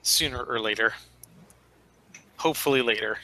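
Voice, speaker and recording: A man's voice: mid-range voice, normal speed, sharp tone, rough recording. A man playing in a tabletop game, making wry, sardonic remarks. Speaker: player. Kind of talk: casual chat during a tabletop game.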